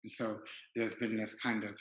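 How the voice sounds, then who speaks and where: A man's voice: lowish voice, flat delivery, moderate pace, fairly bright tone. Male meditation teacher, casual rambling dharma talk, roomy hall. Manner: casual, rambling, many "like" fillers. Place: retreat hall.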